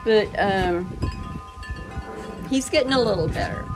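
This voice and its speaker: A woman's voice: medium pitch, lively intonation, unhurried, music in the background, low-quality recording. An older woman chatting casually to her viewers, telling rambling stories full of fillers. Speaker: vlogger.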